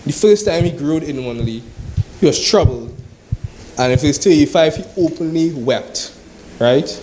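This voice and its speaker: Man, sermon, slightly high voice, scripture reading, conversational asides. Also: lively intonation, a little mellow, slight background noise, rough recording. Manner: reads scripture slowly, then talks conversationally with repeated "right?". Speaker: preacher.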